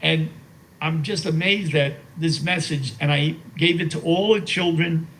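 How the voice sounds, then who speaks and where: This is a rough-sounding clip with a bit of hiss or hum: an interview guest in his eighties rambles through heartfelt stories, leaning on "you know" again and again. His fairly high voice has vocal fry and some brightness, and he keeps a measured pace.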